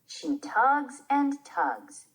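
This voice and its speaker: Woman narrator for a kids' play reading, slow and lively. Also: high voice, poor audio. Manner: clear storybook reading, naming each part. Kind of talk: reading a children's play aloud.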